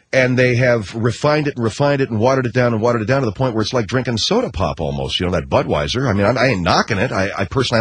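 A man hosting a radio talk show, rambling and wisecracking as he tells stories in a casual, animated way. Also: mid-range voice, husky, no echo. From United States.

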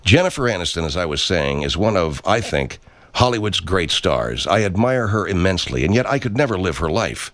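A man's voice: low voice, very animated, fairly quick, fairly bright tone, no room sound. A man in a studio recording pompous self-help promos in an improvised comedy sketch.

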